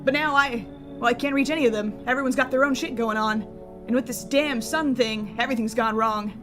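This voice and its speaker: A woman's voice: on the high side, brisk, over music, close to an everyday voice. A woman voicing a lonely young man who lost his home and friends, in a laid-back, rueful way of talking. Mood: weary.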